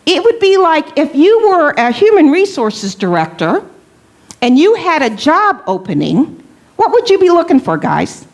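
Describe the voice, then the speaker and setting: Woman leading a church workshop, higher voice. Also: wildly swooping pitch, measured pace. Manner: conversational, checks in with "okay?" and questions to the audience. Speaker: workshop presenter. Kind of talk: church leadership workshop talk. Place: workshop room.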